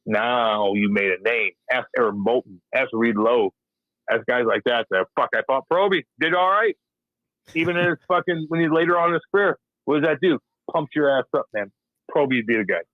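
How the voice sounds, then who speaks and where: A man's voice: medium pitch, brisk, no echo, narrow, tinny audio. A man, a former hockey enforcer, chatting as a guest with blunt, profane talk and frequent laughs while acting out old exchanges. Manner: blunt, swearing often, laughing, acting out quotes. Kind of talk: casual profane interview chat.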